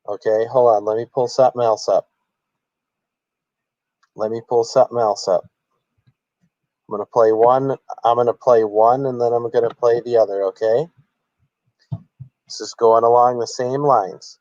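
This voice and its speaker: A man's voice: mid-range voice, fairly even intonation, moderate pace, long pauses, darkish tone, no echo. Guy streamer hamming it up all fake-emotional, dry dull lo-fi sound. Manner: mock-earnest, theatrically emotional. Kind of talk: satirical livestream commentary.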